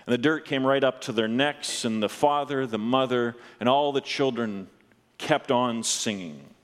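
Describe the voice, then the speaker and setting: A man preaching a sermon, telling a story earnestly and dropping low and slow at solemn moments. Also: long reverb tail. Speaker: pastor.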